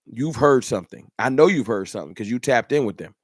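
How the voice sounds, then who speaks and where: A man's voice: mid-range voice, expressive, fast, breathy edge, no room sound, studio quality. A man hosting a fan channel livestream, ranting in an emphatic, repetitive, slangy way. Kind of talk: livestream rant.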